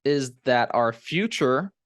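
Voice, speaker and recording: A man's voice: mid-range voice, lively intonation, slow, fairly bright tone, no room sound, clean studio sound. A man co-hosting a comedy podcast, reading a news item aloud with joking asides. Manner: laughs often, reads aloud with asides. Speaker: podcast co-host. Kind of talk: casual comedy chat, reading news story.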